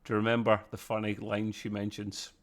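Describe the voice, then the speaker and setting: A man hosting a podcast, chatting casually through an episode review, excitable and often laughing as he recaps. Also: lowish voice, a little fast. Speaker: podcast host.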